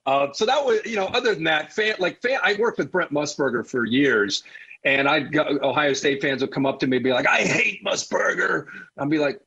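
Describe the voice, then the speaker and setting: A middle-aged man with a husky, somewhat high voice tells animated stories in a casual interview, restarting sentences and laughing as he goes. The sound is dull and lo-fi, like a remote line. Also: a little fast. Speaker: college football analyst, guest.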